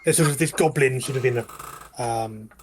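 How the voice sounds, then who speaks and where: A man's voice: medium pitch, moderate pace, noisy background. A man narrating as game master of a tabletop game, describing scenes in a rambling way full of fillers.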